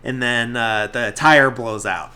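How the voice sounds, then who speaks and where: Speaking slowly in a medium pitch that sounds pushed and bright, this male podcast host rambles through a movie recap scene by scene. It's casual chat, loaded with fillers and acted-out quotes.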